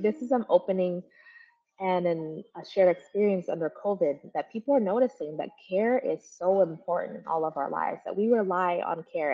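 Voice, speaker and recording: Husky low woman on a dull call line. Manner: earnest, repeats and rephrases. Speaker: community organizer. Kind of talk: symposium presentation. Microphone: video call mic.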